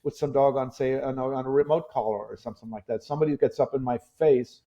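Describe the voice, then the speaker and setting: A man in his sixties, a guest dog trainer, chatting bluntly on a podcast, swearing freely as he tells stories. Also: mid-range voice. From Germany. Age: 60s. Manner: blunt, profane, quick to anger. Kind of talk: casual podcast chat. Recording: dull lo-fi sound.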